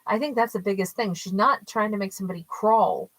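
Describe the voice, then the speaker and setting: A woman giving a casual tarot reading, thinking aloud and questioning her own reading with animated asides. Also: mid-range voice, fairly quick, no echo, rough recording. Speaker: tarot storyteller.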